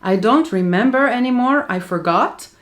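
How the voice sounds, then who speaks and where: A woman's voice: fairly high pitch, animated, moderate pace. A Dutch woman with a Dutch accent, a teacher patiently and methodically explaining grammar to learners. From Netherlands.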